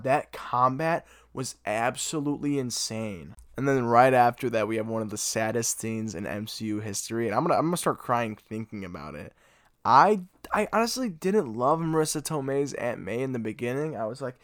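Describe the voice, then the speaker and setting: A young man gushing about a movie in an excited, casual recap, full of "dude" and "oh my God". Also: lowish voice, moderate pace, no room sound. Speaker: movie fan reviewer.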